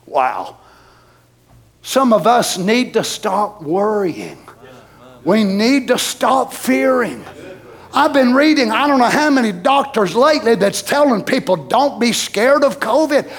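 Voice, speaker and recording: A man preaches, and his voice sits unusually high. He pastors a church and drives his sermon home by repeating phrases, then breaking into shouts. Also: lively intonation, takes it slowly. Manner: preaching with emphatic repetition and bursts of shouting.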